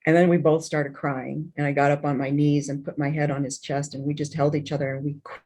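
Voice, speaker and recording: A woman's voice: low voice, level tone, dark tone. Woman telling a painful family story. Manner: emotional, halting, with many restarts and fillers. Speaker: interview guest. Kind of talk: personal storytelling.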